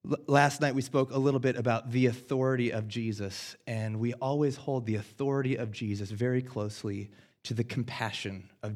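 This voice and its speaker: An American man in his thirties preaching a sermon, earnest and self-deprecating, swinging between loud and hushed. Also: medium pitch. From United States. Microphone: headset.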